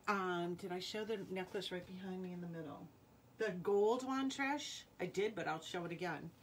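A woman's voice: fairly low pitch, moderate pace, a little hiss or hum. A woman with a Rhode Island accent hosting a live jewelry sale, chatting casually and reading out viewer names and playing cards. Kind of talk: live-stream sales chat.

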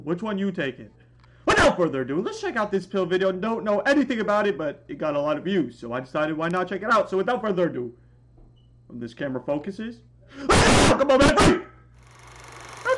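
A young man hosting a reaction video, talking in slang with excited outbursts and shouts. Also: high-pitched. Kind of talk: reaction commentary. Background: video soundtrack music.

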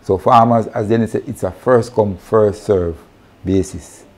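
Man, low-ish mellow voice, earnest farm presenter. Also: steady tone, a little slow. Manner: earnest, addresses farmers directly, self-corrects. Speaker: agronomy presenter. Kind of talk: online farming presentation.

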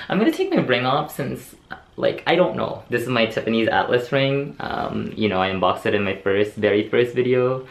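A man's voice: mid-range voice, sing-song, normal speed, gravelly, a little hiss or hum. A young man filming a casual unboxing vlog, gushing and breathless, repeating himself and trailing off mid-sentence. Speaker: vlogger unboxing a handbag. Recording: echoey room with faint ambience.

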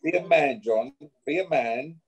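A man's voice: a little high, a little slow, breathy edge, poor audio. A man being interviewed, confrontationally challenging a rival and ending his points with "yeah?". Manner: confrontational, repeats "yeah?" after each point. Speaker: boxer issuing a challenge. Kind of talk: interview, trash talk.

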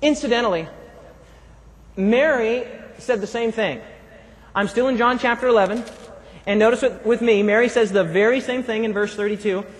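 A man's voice: high-pitched, normal speed, pauses often. A man preaching a sermon who keeps calling out to his congregation for answers and amens. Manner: calls out to the congregation for responses. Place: church hall. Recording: long reverb of a large hall.

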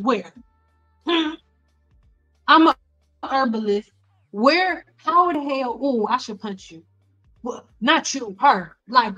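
A middle-aged woman cosmetologist hosting a casual live stream, blunt and animated, talking straight to her viewers with slang and exasperated repetition. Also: on the high side, dull audio. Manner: frequent laughs and exasperated repetition. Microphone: desk mic.

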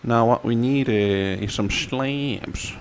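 A man casually commenting on his game, playful and sing-song, now and then squealing words in a high silly voice. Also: slow pace, slight background noise. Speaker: gamer.

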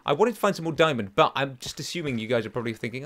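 A young man, chatty and excitable, hosting a casual game let's play and joking at his own expense. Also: mid-range voice, rapid-fire. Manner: chatty, excitable, self-mocking, sings silly chants. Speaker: gaming channel host.

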